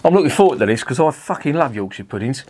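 A middle-aged man, chatting casually through a beer review. He rambles off topic and swears freely. His voice sits at an ordinary middle pitch. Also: sing-song, quick pace, a little mellow, slight background noise.

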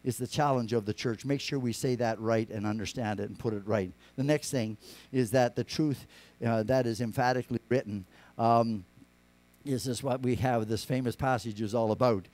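A man preaching a sermon, rambling with many restarts, rising to emphatic lines and dropping to quiet asides. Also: medium pitch, fairly even intonation, normal speed. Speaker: pastor.

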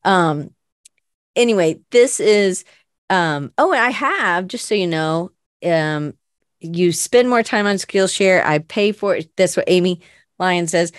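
A woman talks on her live show in a loose, rambling way, full of ums and self-deprecating asides. Her voice sits a bit low. The sound is close and dry, with no room to it. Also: takes it slowly, no echo. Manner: rambling, chatty, self-deprecating, many fillers. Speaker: host of a weekly live creative show. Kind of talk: casual chat.

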